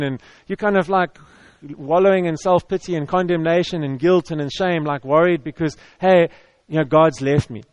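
A man with a high voice preaches a sermon in a loose, chatty way. He repeats himself and stumbles over restarts. The sound is close and dry. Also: moderate pace, few pauses, a little mellow, clean tone, no echo. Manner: conversational, repetitive, with stammered restarts. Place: church hall with audience.

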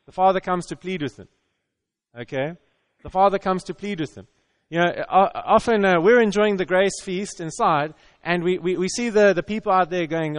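A man preaching a sermon in a relaxed, conversational way, acting out the voices of the people in his story and often chuckling. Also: sits high, moderate pace, dry recording, in a large hall.

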